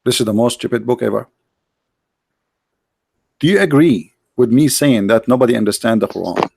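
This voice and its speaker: A man's voice: mid-range voice, moderate pace, gravelly, a little mellow, breathy edge. A man from the Arab world with Arabic as his first language, hosting a confrontational religious debate, pressing the same questions over and over in broken English. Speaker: debate host.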